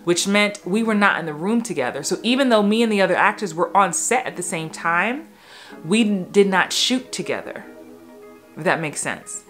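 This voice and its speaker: A woman's voice: medium pitch, expressive, fairly bright tone, soft background music. Candid woman retelling an on-set story. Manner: candid, emotional, quick asides and restarts. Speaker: actor and acting coach. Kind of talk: personal storytelling vlog.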